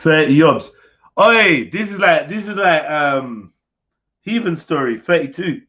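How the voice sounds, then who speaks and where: A man's voice: on the high side, animated, unhurried, fairly bright tone, lo-fi sound. A man hosting a live panel chat, blunt and slangy in his reactions. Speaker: host.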